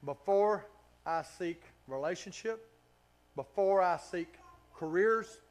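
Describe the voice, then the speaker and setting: Preaching in a high voice at a slow pace, a Southern Kentucky pastor moves from loud, forceful delivery to hushed, intimate near-whispers. Chuckles slip in between his phrases, and he stretches important words into a drawl.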